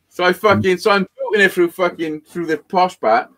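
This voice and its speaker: A man telling a rambling, sweary story in casual chat. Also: sits high. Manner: rambling, heavy swearing, animated. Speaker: podcast guest storyteller.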